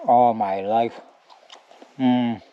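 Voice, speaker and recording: A man's voice: mid-range voice, fairly even intonation, drawn-out words, smooth. Chatty lo-fi man at camp. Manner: chatty, rambling, says "like" at ends. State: snotty nose. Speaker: bushcraft vlogger. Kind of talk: casual camp vlog. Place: outdoor woodland camp.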